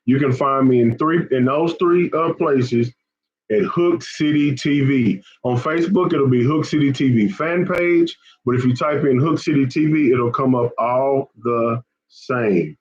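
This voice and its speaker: A man's voice: mid-range voice, a little slow, breathy edge, lo-fi sound. Chatty man on a live stream. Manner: chatty, repetitive, often says man and y'all. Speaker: fishing channel host.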